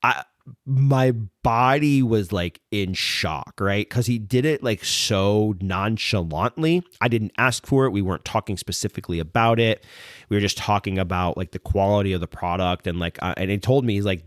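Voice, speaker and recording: A man hosting a podcast, telling a story casually, rambling with lots of "like" and "um" and restarting his sentences with excitement. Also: on the low side, normal speed, dry recording, clean studio sound. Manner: rambling, heavy use of fillers like "like" and "um"; excited, retelling events with restarts. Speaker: podcast host.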